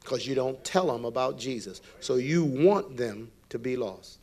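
A man's voice: medium pitch, unhurried, a little mellow. A man preaching a provocative sermon as pastor, acting out the voices of the people he quotes.

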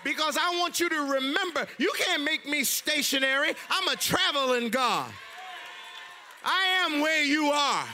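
A man's voice: very high voice, lively intonation, unhurried, bright, forceful tone, heavily acted. A man preaching, voicing God as emphatic and commanding. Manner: proclaiming, emphatic. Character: God speaking to his people, commanding.

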